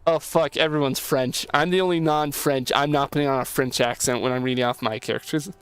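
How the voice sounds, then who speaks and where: A man's voice: mid-range voice, steady tone, brisk, a bit bright, clean tone, dry recording. A male streamer reading game dialogue aloud, with blunt, profane joking asides.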